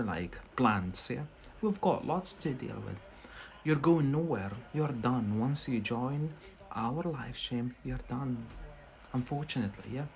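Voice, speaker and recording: Chatty man teaching English live. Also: mid-range voice. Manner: chatty, often checks in with a questioning "yeah?". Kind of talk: live-stream English lesson. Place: in Scotland.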